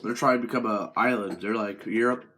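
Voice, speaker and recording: A teenage boy in a crude, profane comedic rant to camera, with a mocking deadpan drawl. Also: lowish voice, fairly quick, a little hiss or hum. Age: teens. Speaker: vlogger.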